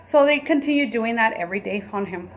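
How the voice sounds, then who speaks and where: With a fairly high voice and a quick pace, a woman in her thirties who's a mother and vlogger retells a personal story with emotion, acting out people's words along the way. The talk is casual, and there's slight background noise.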